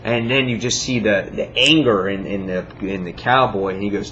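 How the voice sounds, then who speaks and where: A man's voice: lowish voice, normal speed, bright, forceful tone, dull audio, a little hiss or hum. A man giving a casual comic book review, enthusiastic and rambling, full of fillers and acted-out quotes.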